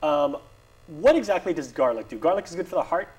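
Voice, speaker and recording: A man's voice: fairly high pitch, expressive, brisk, a little mellow, breathy edge, poor audio. A man hosting a local TV health segment, chatty and joking, with many fillers. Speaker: TV host. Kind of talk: casual TV interview. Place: TV studio.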